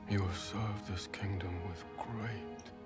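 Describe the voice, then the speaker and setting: An actor playing a solemn, immortal male lord of dreams, speaking in a grave, measured, formal way. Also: low-pitched, fairly even intonation, loud music behind the voice. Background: loud orchestral score.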